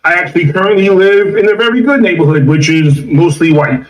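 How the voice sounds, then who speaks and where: A man's voice: sits high, brisk, echoey room, distant mic, dull audio. A man delivering an emphatic, opinionated monologue, listing his points one after another. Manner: emphatic, repetitive, lists points.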